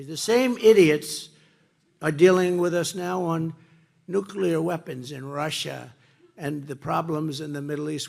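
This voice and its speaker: A man addresses a rally from a podium microphone in a slightly high, gravelly voice. He repeats his phrases for emphasis and swings between loud, punchy lines and low, muttered asides. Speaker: political speaker at a rally. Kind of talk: rally speech. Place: campaign rally before a crowd.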